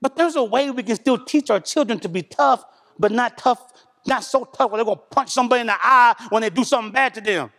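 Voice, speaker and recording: A man preaching a sermon as pastor, a father of a young son, talking animatedly and swinging between loud bursts and hushed asides. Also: very high voice, a little fast. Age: young adult or middle-aged, father of a young son. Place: church.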